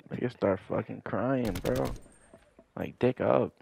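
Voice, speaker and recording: A man's voice: lowish voice, slow, creaky, darkish tone, slight background noise. A young man giving profane gameplay commentary, ranting in exasperation about how his opponents play. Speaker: gaming commentator.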